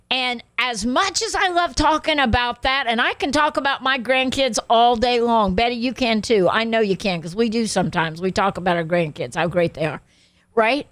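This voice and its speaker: A woman's voice: fairly high pitch, a bit bright, no echo. An older woman hosting a Christian talk show, speaking in an emphatic, exclamatory, preaching way.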